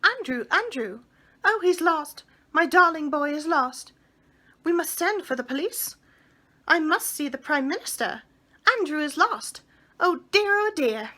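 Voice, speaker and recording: A woman voicing a fussy, frantic rich lady with a high, windy, shrill and breathless voice. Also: expressive, measured pace, bright, forceful tone, heavily acted.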